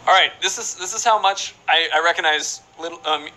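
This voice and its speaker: Bright-voiced playful male game streamer. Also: fairly high pitch, brisk, a little hiss or hum, low-quality recording. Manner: rambling, playful, reads chat aloud. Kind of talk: casual live-stream chat while playing.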